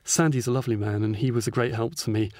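Guy telling stories on a podcast, hesitant, steady middle voice, dry recording. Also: medium pitch, fast, no echo. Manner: thoughtful, hesitant, many ums. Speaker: author guest. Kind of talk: podcast interview.

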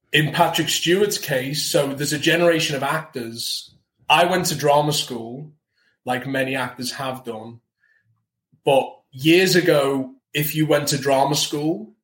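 Chatty man, roomy sound. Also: mid-range voice. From north of England. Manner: animated, chatty, restarts often. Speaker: actor guest. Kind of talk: casual interview talk. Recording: roomy echo.

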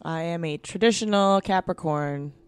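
A woman's voice: lowish voice, moderate pace, clean tone. A woman co-hosting a podcast in frank, casual chat, leading the conversation. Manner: frank, chatty, leads the conversation. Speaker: podcast co-host.

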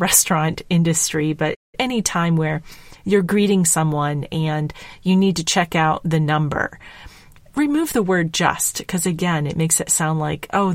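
A woman hosting her own podcast, talking through a prepared solo episode in a measured, reflective way with gentle emphasis. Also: sits low, no echo. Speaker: podcast host. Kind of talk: scripted solo podcast talk.

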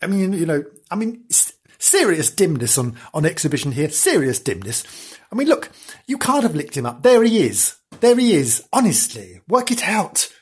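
Sardonic husky woman reading a story. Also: on the low side, sing-song, normal speed, a little mellow. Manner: sardonic and exasperated. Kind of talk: comic storybook reading with asides.

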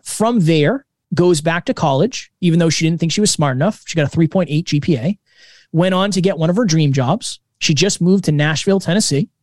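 A man in his twenties, a podcast co-host, telling stories in a casual, energetic interview. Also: sits high, dry recording, studio quality. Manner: energetic, animated storytelling.

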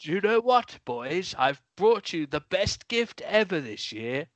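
A man putting on a jolly, bumbling old Father Christmas with a booming ho-ho laugh for a comedy podcast skit. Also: very animated, unhurried, fairly bright tone, no echo, full character voice. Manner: bumbling, playful.

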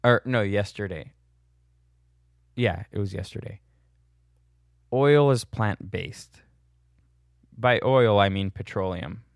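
A man's voice: lowish voice, slow pace, long pauses, no echo, clean studio sound. A young man casually answering viewer questions in a blunt, sardonic way, chuckling at his own jokes. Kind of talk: casual Q&A monologue.

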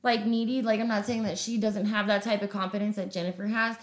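A woman's voice: mid-range voice, level tone, fast talker. A woman co-hosting a podcast in casual chat, blunt and swearing freely. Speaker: podcast co-host. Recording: roomy echo.

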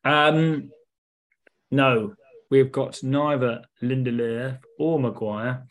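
Man, casual football podcast chat, hesitant, lots of ums, mid pitch. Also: steady tone, extremely slow. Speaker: podcast co-host.

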